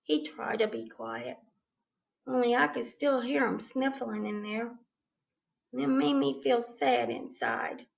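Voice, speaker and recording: A woman reads a children's storybook aloud, her high voice lively and rising and falling. She tells it slowly and gently, with plenty of expression. The recording sounds slightly dull and lo-fi. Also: creaky.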